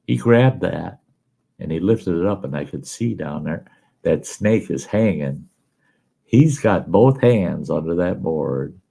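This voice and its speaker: A man telling a folksy story in casual, animated style as a show host. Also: low-pitched, creaky, breathy edge. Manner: folksy, animated yarn-spinning.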